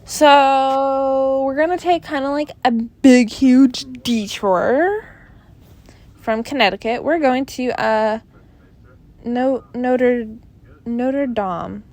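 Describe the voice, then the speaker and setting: A woman's voice: sits high, slow, darkish tone. A young woman hosting her own podcast in casual chat, rambling and giggly, often trailing off into mumbles. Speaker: podcast host.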